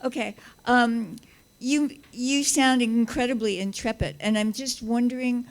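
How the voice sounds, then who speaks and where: A woman's voice: a little high, fairly even intonation, measured pace. A woman in the audience asking the panel a question in a friendly, slightly hesitant way. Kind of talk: question from the floor.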